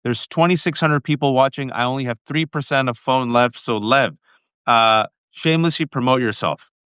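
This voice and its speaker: Man, guest commentator, emphatic, insistent, medium pitch, dry sound. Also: moderate pace, a bit bright, clean tone, no echo. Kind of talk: impassioned political talk.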